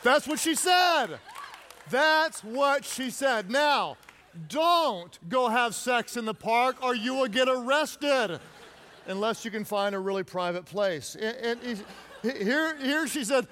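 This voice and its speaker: A man's voice: extremely high pitch, animated, takes it slowly, bright, forceful tone, a little hiss or hum. A man preaching a playful sermon, joking and calling for responses from the congregation. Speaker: pastor.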